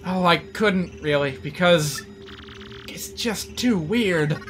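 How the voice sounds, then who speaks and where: A man voicing a curious, spirited young princess in a raised, lively voice. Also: slow pace, soft background music, full character voice. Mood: surprised. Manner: lively, higher put-on voice.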